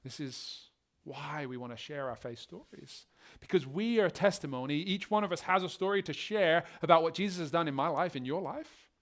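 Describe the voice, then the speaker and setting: A man's voice: on the high side, a little fast. A male pastor preaching a sermon and telling stories, acting out the scenes as he goes. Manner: animated storytelling, acting out scenes.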